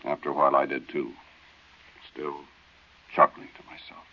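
An actor playing a man who recalls a spooky night in the desert, telling it in slow, earnest narration for an old radio drama. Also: rumbling low, completely flat delivery, dull audio. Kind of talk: 1940s radio acting.

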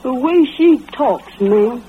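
A woman's voice: high-pitched, expressive, takes it slowly, breathy edge, heavily acted. An actress playing a spiteful, resentful rural woman who speaks in a drawling dialect, in 1940s radio style. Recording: tinny old radio broadcast.

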